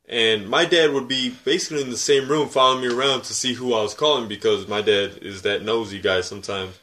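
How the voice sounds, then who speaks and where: A man co-hosting a casual podcast, ranting about everyday annoyances. He swears constantly and tells stories with lively energy. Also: medium pitch, fairly quick, few pauses. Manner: profane, animated ranting. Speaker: podcast co-host.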